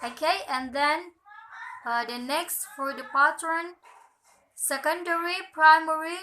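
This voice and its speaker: Slow, high, bright-voiced young woman. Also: fairly even intonation, slight background noise, poor audio. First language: Indonesian. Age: young adult. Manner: slow, careful, filler "okay" and "uh". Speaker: student presenter. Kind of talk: reading a lesson on word stress.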